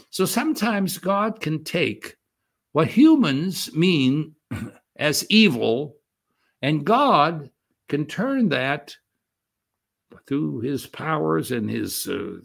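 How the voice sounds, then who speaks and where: An older man preaching a sermon, reading scripture aloud with slow, emphatic stress and explaining it in a halting way with many restarts. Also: fairly high pitch, creaky. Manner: unhurried, halting with frequent restarts and fillers; reads quoted verses with slow emphatic stress. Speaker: pastor.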